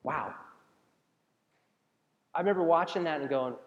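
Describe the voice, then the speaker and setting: The audio sounds dull, carrying a man's somewhat high voice at normal speed. He preaches like a pastor in conversation with his flock, asking them questions and frequently restarting sentences, with the long reverb of a large hall around him.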